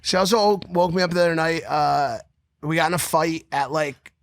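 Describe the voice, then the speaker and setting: A man co-hosting a podcast, telling crude stories in casual chat with lively mimicry. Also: moderate pace, no echo, studio quality. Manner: animated, crude storyteller who mimics others in a high voice. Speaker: podcast co-host.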